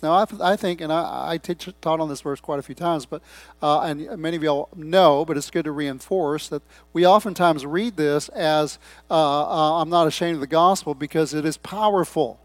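A man's voice: a little high, normal speed, dry recording. A man preaching a sermon, reading scripture and stressing key words while asking the congregation questions.

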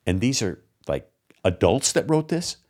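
A man's voice: lowish voice, very animated, measured pace, darkish tone. A man hosting an opinion commentary show, sarcastic and exasperated, mocking what he reads out with scoffing laughs. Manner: indignant, exasperated. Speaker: political commentary host.

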